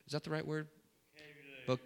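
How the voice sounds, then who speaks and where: A man preaching a sermon as a pastor, talking with rising animated excitement. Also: fairly high pitch, moderate pace, vocal fry. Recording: long hall reverb.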